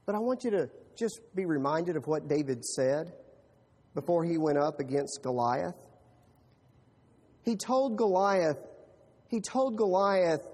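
High-voiced preacher in a reverberant hall. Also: male voice. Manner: animated storytelling, repeating words. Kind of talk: sermon. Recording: long reverb of a large hall.

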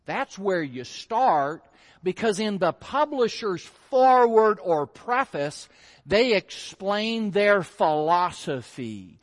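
A man preaching a sermon in a conversational way, asking rhetorical questions and acting out his listeners' reactions. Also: sits high. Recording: long hall reverb.

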